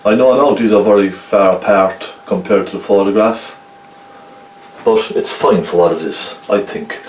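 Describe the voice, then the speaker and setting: Man, Cork Irish accent, low-pitched, chatty painting teacher, roomy distant sound. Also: moderate pace, darkish tone, slight background noise. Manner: chatty, checks in with viewers. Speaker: painting instructor. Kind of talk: casual painting tutorial.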